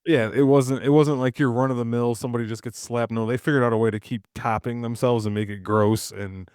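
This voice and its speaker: A man's voice: medium pitch, fairly even intonation, brisk, darkish tone, smooth, no echo, clean studio sound. A man co-hosting a casual film review podcast, rambling loosely with many fillers and restarts. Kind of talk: casual chat.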